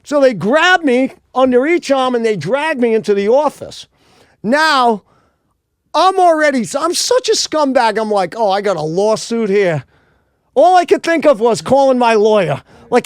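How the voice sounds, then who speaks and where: A man from Rhode Island, telling a wild personal story in casual, animated, profane podcast talk and acting out the people he quotes. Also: very high-pitched, dry recording, clean studio sound.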